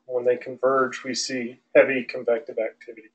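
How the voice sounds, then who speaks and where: A male aviation instructor lecturing an online class in a relaxed, loose way, with many fillers and restarts. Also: mid-range voice, moderate pace, poor audio. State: out of breath.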